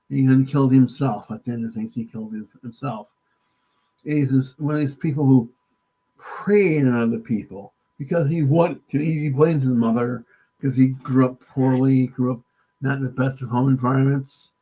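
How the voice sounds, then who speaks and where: A man from the United States, guest author in an interview, halting and polite, often saying "sir". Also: mid-range voice, breathy edge. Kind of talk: casual interview. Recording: dull lo-fi remote line.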